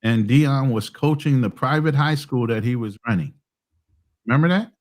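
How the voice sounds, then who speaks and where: A man's voice: mid-range voice, lively intonation, normal speed. A man co-hosting a casual sports podcast over a call, giving his views emphatically. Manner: opinionated, emphatic. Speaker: podcast co-host.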